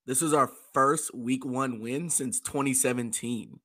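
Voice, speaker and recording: Brief: hoarse male co-host, bright forceful tone, excitable fan energy. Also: medium pitch, a little slow. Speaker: podcast co-host. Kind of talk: casual chat.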